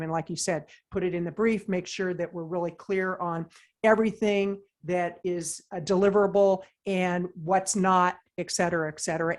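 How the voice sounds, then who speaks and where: Animated woman telling a business story. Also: fairly low pitch. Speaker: guest, marketing consultant. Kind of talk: conversational podcast interview.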